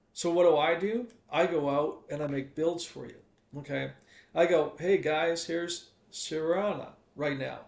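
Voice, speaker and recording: Gravelly, preachy gaming streamer man. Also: on the high side, darkish tone. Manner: chatty, preachy, teasing. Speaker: live streamer. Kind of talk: casual live-stream rant. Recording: echoey room.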